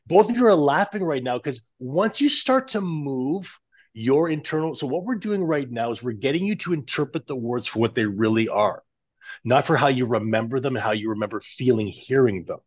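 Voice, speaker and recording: A man on a podcast, guiding his hosts through a self-talk exercise in an animated, instructive way. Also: medium pitch, moderate pace, highs cut off. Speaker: coach guest on podcast. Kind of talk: conversational coaching demonstration.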